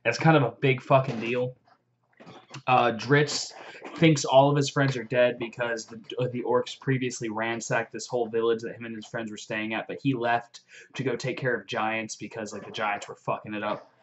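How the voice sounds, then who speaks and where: A young man excitedly recapping a fantasy novel in a rambling vlog, full of fillers and swearing. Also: medium pitch, moderate pace. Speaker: vlogger. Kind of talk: casual book recap. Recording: dull lo-fi audio.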